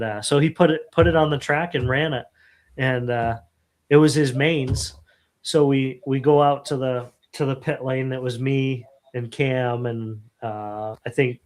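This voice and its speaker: Middle-aged guy hosting a live stream, tells stories all lively and does the voices. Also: medium pitch. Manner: animated storyteller, acts out quotes. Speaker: host. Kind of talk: casual live stream chat.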